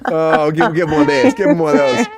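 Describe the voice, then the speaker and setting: A man hosting a comedy entertainment news show, talking fast and joking, often dropping into quick impressions. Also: on the high side, lively intonation, creaky, over loud music. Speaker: host.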